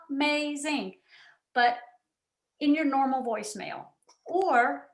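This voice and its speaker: Woman coach, team-call talk, chatty and animated, voice a bit high. Roomy, echoey audio. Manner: animated and chatty, many asides. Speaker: guest speaker and coach. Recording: roomy echo.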